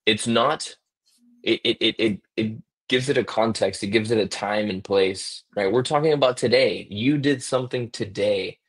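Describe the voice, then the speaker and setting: A guest from a survey software company explains his company's survey tool on a business podcast, often restarting and repeating words and checking in with "right?". His voice is fairly low-pitched with a breathy edge, at a moderate pace.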